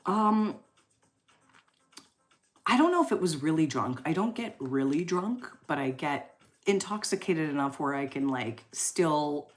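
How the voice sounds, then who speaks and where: Low-voiced chatty woman in her forties. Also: lively intonation, measured pace. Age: 40s. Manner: chatty and rambling, with frequent fillers and laughs. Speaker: live stream host. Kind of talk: casual live chat reading viewer comments.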